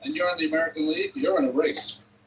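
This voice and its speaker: A man's voice: on the high side, steady tone, fast, pushed and bright, recorded from a distance, slight background noise, rough recording. A man giving conversational, analytical baseball color commentary.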